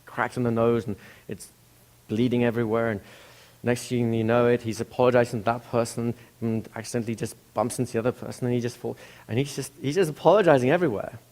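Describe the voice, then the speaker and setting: A man's voice: mid-range voice, steady tone, fast talker, a little mellow. A man telling a story in a casual, conversational way, with restarts and asides to the listener.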